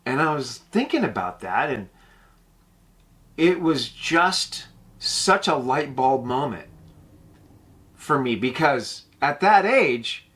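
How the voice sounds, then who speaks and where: A man host telling a personal story in a casual, blunt way, swearing freely and slowing down to stress his points. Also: mid-range voice, big pitch swings, fairly bright tone. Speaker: podcast host.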